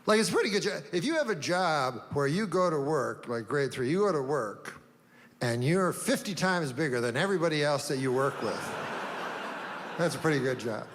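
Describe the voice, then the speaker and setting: A man doing a stand-up routine, deadpan and rambling, with long meandering setups and offhand asides. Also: fairly high pitch, moderate pace, slight background noise. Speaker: stand-up comedian. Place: comedy stage before a live audience. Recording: live room reverb, faint ambience.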